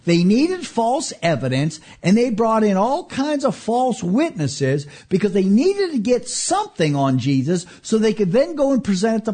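A man, a pastor, teaching the Bible as an animated storyteller who swings from loud emphasis to hushed near-whispers. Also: sits high, slightly rough.

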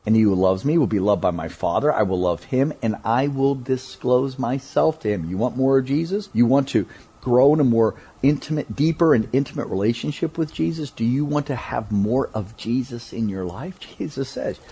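A man preaching a sermon, emphatic and deliberate, often asking rhetorical questions. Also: mid-range voice, mellow, slightly rough.

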